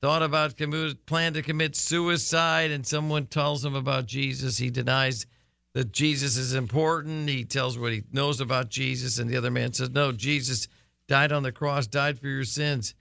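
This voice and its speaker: A male radio host talks through a guest's story in a chatty, enthusiastic way. His voice is bright and gravelly and sits somewhat high, recorded dry and close. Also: fairly even intonation, normal speed, dry recording. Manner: conversational, enthusiastic asides, laughs. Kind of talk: radio show commentary.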